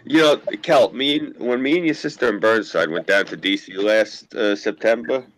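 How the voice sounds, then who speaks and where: A man's voice: fairly low pitch, normal speed, fairly bright tone, rough recording. A man from Queens with a New York accent, hosting a casual online chat and telling brash, profane stories. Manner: brash storytelling, swears freely.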